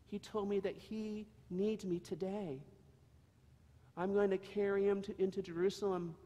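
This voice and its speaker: A man's voice: sits high, voice pushed up. A man voicing a shy young male donkey with a broken bray, timid and hesitant. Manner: timid, hesitant, breaks into braying. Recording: long echo of a large hall.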